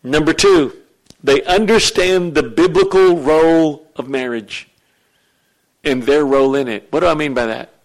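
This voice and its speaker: A man preaching a sermon as pastor, animated and joking with his congregation in a church. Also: on the high side, unhurried, poor audio.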